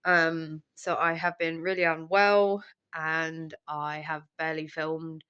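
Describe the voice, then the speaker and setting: Low-voiced sick, tired young woman. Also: flat delivery, takes it slowly, a bit bright, clean tone, dull audio. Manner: tired, drained, rambling with many ums. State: sick with flu, voice affected. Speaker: vlogger. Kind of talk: casual catch-up vlog.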